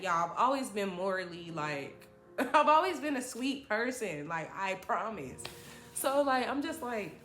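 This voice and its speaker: A woman's voice: a little high, lively intonation, measured pace, fairly bright tone, roomy sound, faint music behind. A young woman telling a story in a dramatic, chatty, slangy way, often addressing viewers directly. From New Jersey. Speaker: storytime vlogger. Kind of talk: animated storytelling.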